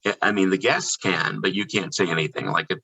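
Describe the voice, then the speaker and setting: A man who is a guest on a podcast, telling candid stories in an animated, casual way. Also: low voice, fairly quick, gravelly, slightly rough, poor audio. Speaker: podcast guest, theme park performer. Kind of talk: casual storytelling chat.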